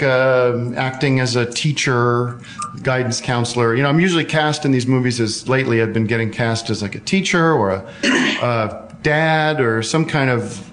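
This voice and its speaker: A man hosting a casual call-in show, rambling and joking with many fillers and restarts. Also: medium pitch. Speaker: host taking listener calls.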